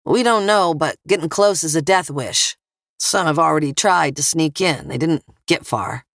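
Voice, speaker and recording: A woman's voice: deep voice, expressive, moderate pace, creaky, dry recording, clean studio sound. A woman voicing a grim, wary man warning others, in an audiobook.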